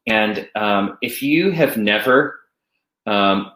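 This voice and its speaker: Male music teacher presenting online, animated delivery, echoey room sound. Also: fairly low pitch, slow pace. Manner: explains classroom games, speaks chants in rhythm.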